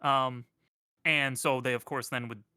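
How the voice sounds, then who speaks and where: Man, mid pitch, bright forceful tone, dry close sound, rambling casual livestream chat. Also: measured pace, clear, resonant tone, no room sound. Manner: rambling, many fillers, lively storytelling. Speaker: co-host.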